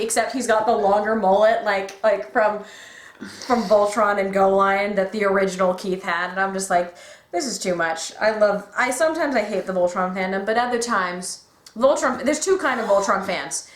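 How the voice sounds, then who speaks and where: A woman in casual fan chat, excitable and gushing, acting out quotes as she talks. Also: mid-range voice, moderate pace. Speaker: podcast guest. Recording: echoey room.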